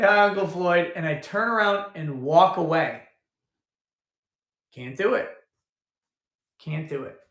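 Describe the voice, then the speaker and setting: Hosting a casual livestream, this man rambles and thinks out loud, frequently starting sentences over. His voice is a little high with a sharp tone, and there's a roomy echo in the recording.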